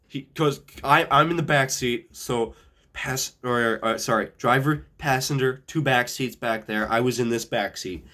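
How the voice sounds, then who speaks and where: A man's voice: medium pitch, a little slow, fairly bright tone. A young man from the upper Midwest of the US, telling a casual anecdote in a rambling way, swearing often and restarting his sentences. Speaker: storyteller.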